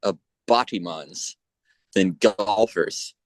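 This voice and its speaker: A man co-hosting a podcast in casual chat, talking in a hesitant, halting way with many restarts. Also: lowish voice, no room sound. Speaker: podcast co-host.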